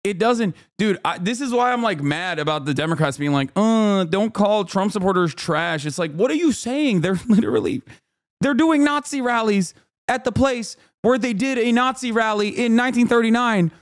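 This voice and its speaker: A man in his thirties streams his reaction to a clip, talking in an emphatic, incredulous way with plenty of swearing. His voice sits fairly high for a man. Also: normal speed.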